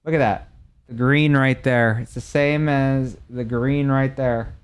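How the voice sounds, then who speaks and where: A young adult man streaming live, chatting casually with his viewers and reacting animatedly, his voice swinging between loud and soft. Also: medium pitch, fairly even intonation, unhurried, clean tone.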